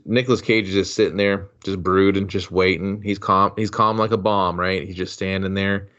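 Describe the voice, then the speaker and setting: Low-voiced man on dull lo-fi audio. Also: fairly even intonation, a little fast, few pauses, a bit bright. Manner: laid-back plot recaps with quoted dialogue. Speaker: podcast co-host. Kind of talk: casual movie review chat. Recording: dull, lo-fi sound.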